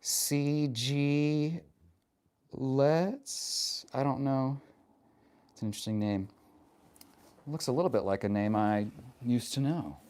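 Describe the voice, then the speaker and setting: A man live-streaming in casual chat, answering viewers in a rambling, profane way full of fillers, and getting animated when he rants. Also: fairly low pitch, normal speed, long pauses. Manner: animated and passionate when ranting.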